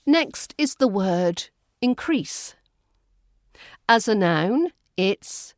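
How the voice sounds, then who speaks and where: British lady accent coach, super slow careful delivery, dry close sound. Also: medium pitch, lively intonation, darkish tone, dry recording. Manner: slow, deliberate, stresses each word clearly. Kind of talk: pronunciation lesson.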